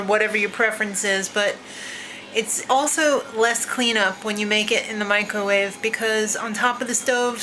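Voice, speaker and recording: A woman's voice: fairly high pitch, sharp tone. A woman chatting casually at home, laughing often and reacting with dramatic disgust. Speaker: vlog host. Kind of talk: casual chat. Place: home kitchen, then a yard outdoors. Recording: noisy home video.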